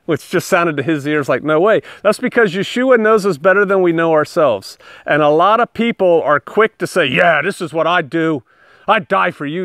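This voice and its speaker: A man's voice: sits high, a bit bright, dry recording, studio quality. A male pastor preaching a conversational sermon, acting out scripture quotes in different voices.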